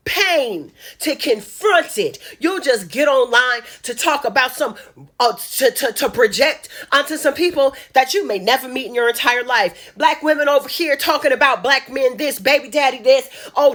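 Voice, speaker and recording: Woman from Chicago, slightly high, sharp-edged voice, impassioned direct-address commentary with repeated emphatic phrases. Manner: emphatic, repetitive, speaks straight to the audience. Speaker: social media commentator. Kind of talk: impassioned monologue to camera.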